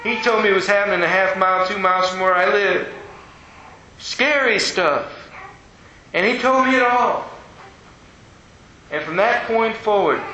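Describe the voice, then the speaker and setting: A man's voice: high voice, pushed and bright, slight background noise. A man preaching a sermon, telling a story in a folksy way and acting out the voices of the people in it. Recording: dull, echoey hall with faint ambience.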